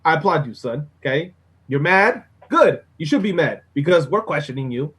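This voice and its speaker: A man co-hosting a casual sports podcast, profane and excitable, ending lines with "okay?" and "bro". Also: fairly high pitch, moderate pace, breathy edge. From Mexican-American. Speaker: podcast co-host.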